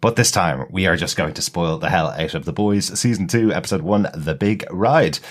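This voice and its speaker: Male podcast host, very low voice, easygoing and chatty, laughs a lot. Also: normal speed. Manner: chatty, laughs often, frequent "uh" fillers. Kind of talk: casual podcast chat.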